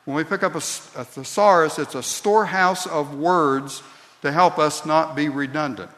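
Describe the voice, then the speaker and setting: A man preaching a sermon as pastor, slow and deliberate, building to emphatic peaks. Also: a little high, a bit bright. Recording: long reverb of a large hall.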